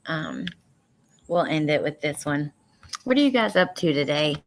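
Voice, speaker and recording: A woman's voice: sits low, big pitch swings, unhurried, a little hiss or hum, low-quality recording. Chatty woman livestreaming true crime. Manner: chatty and warm toward viewers, laughs often. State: emotional, near tears. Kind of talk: casual livestream chat reacting to news and viewer comments.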